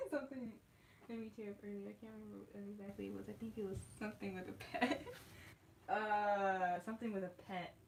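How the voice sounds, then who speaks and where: Rambling woman chatting while painting. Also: medium pitch. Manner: rambling, restarts sentences, laughs often. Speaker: artist livestreaming a painting. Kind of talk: casual chat with viewers while painting. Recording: echoey room, faint background noise.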